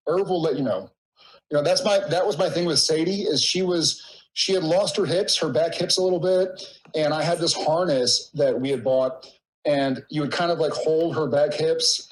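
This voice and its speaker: A man's voice: a little high, poor audio. A man in his thirties, a podcast guest, telling a rambling, emotional story in casual conversation.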